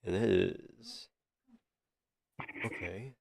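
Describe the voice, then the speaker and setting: A man playing in a tabletop game, talking quietly and mumbling as he rolls dice. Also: lowish voice, wildly swooping pitch, drawn-out words, gravelly, breathy edge, dry recording, clean studio sound. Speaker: player. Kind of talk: casual chat at a tabletop game.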